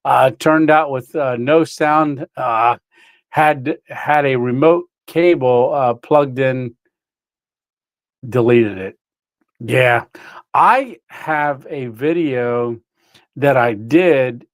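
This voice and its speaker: A man's voice: mid-range voice, extremely slow, dry recording. A man hosting a casual livestream, rambling through a story with lots of fillers and chuckles while greeting viewers. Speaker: livestream host.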